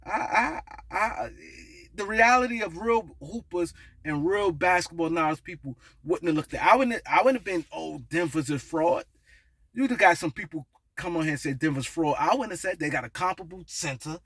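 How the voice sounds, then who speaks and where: A man with a high, light voice delivers a loose basketball opinion monologue, circling back on points and repeating himself as he builds an argument. The sound is dry and close, with no room around it. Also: normal speed, breathy edge, no echo. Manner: animated, repetitive, conversational with slang and restarts. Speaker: sports commentary host.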